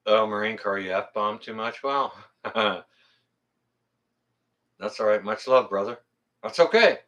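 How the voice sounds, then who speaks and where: A YouTube host on his own livestream, his voice fairly low, slow and somewhat bright, though the audio sounds dull. He reads viewer comments in casual chat, blunt and plain-spoken, swearing freely and rambling with frequent self-corrections.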